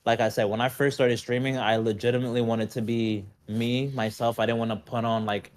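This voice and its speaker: A man, a streamer guest on a casual podcast, talking in an animated, rambling way and often saying "you know what I mean". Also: mid-range voice, brisk.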